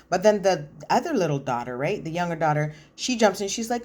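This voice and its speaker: A woman's voice: on the low side, big pitch swings, a little fast, hardly any pauses, darkish tone. A woman giving blunt, opinionated casual commentary on a reality show, acting out what the people said. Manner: blunt, opinionated, acts out quotes.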